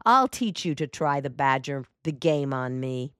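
A woman voicing a sardonic, stooped male detective with a slow, dry drawl, in an audiobook. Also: rumbling low, animated, a bit bright, clean tone, dry recording, full character voice.

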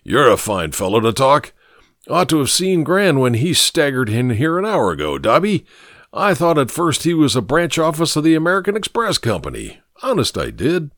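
A man doing a teasing excitable bachelor. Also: fairly high pitch, moderate pace, dry recording, studio quality, voice pushed up. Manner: teasing, exclamatory.

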